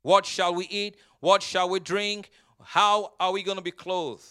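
A man's voice: sits high, little pitch movement, bright, forceful tone, clear, resonant tone. A man preaching a sermon as pastor, leading the congregation in call-and-response and stretching out scripture word by word. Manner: drawn-out emphatic scripture reading.

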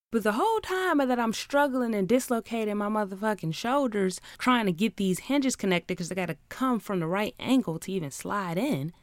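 A woman's voice: a little high, no room sound, studio quality. Profane, ranting woman podcast host. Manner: animated, profane, exasperated ranting. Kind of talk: comedic storytelling monologue.

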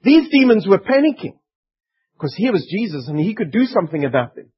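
A man's voice: high-pitched, big pitch swings, brisk, slightly rough, lo-fi sound. A man preaching a sermon in an earnest, emphatic way. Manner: earnest, emphatic, voicing pleading demons.

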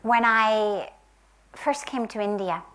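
A woman from the United States telling a spiritual parable in a soft, gentle, reflective way, sometimes dropping to a whisper. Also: a little high. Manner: slow, gentle and reflective, with long pauses. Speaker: spiritual teacher. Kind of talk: spiritual storytelling talk.

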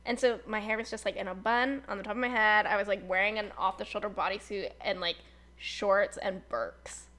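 A woman's voice: medium pitch, brisk. Chatty young woman telling a story. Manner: chatty, fillers like "like", animated retelling with quoted voices. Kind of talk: casual storytelling chat.

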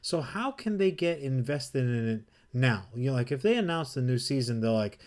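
A man's voice: medium pitch, very animated, normal speed, few pauses, a little mellow. A man co-hosting a casual podcast, rambling and teasing with frequent laughs. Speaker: podcast co-host.

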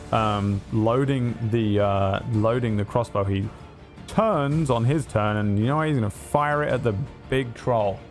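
A man narrating as game master, vivid and dryly teasing toward the players. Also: medium pitch.

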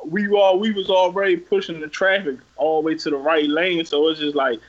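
High-pitched dude co-hosting a podcast, cussing, getting loud telling a story, kinda muffled lo-fi audio. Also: male voice, a little fast. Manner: animated, profane, gets loud when reenacting. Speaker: podcast co-host. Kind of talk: casual storytelling.

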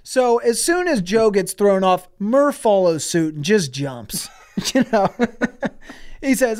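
Comedy podcast co-host, male, slow laughing delivery, lively swings in pitch. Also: smooth. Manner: laughing through absurd crude story, slows for effect. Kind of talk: improvised comic storytelling.

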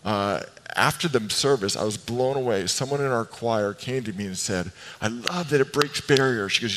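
A male pastor giving an animated, emphatic sermon with playful asides. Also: medium pitch, a little fast, slight background noise. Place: church sanctuary. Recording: long reverb of a large hall.

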